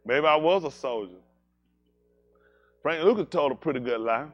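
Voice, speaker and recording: A man preaching, telling animated, jokey stories and slipping into high-pitched voices for characters. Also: moderate pace, dull audio. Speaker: pastor. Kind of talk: comedic storytelling sermon.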